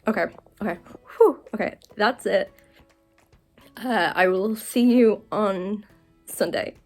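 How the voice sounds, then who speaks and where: A young woman vlogging to the camera from her bedroom, rambling and excited, with plenty of "like" and "um". Her voice sits at an ordinary middle pitch. A little music plays faintly in the background. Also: slow pace. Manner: excitable, rambling, full of fillers. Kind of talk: casual rambling vlog. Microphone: camera facing her.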